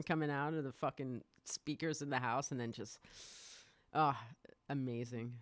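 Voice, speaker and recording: A podcast host in their forties, chatting excitably on a live stream, rambling, laughing often and swearing freely. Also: mid-range voice, moderate pace, no room sound, studio quality.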